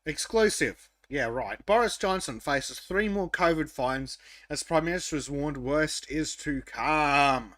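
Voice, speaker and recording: A man's voice: fairly high pitch, a little slow, a bit bright, dry recording. A man co-hosting a gaming podcast in casual chat, laughing often and swearing freely. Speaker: podcast co-host.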